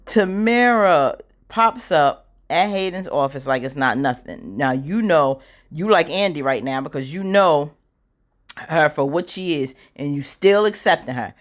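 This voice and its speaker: A woman's voice: sits low, lively intonation, a little slow. A woman giving a casual, opinionated recap of a TV drama, chatting freely and acting out bits of scenes as she goes.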